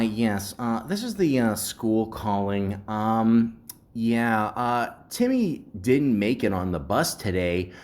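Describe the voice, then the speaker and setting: A fumbling school caller leaving a voicemail, as a man imitates them, halting and full of ums and uhs. The voice sits a little higher than his usual talk and moves slowly. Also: a little mellow.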